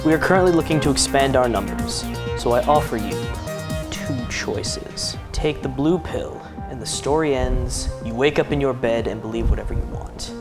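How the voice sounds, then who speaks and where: A man playing a melodramatic, anime-obsessed hacker villain in a comedy sketch, with loud music playing behind him. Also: mid-range voice, normal speed, close to an everyday voice. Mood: mock-ominous. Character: pompous male anime-loving hacker.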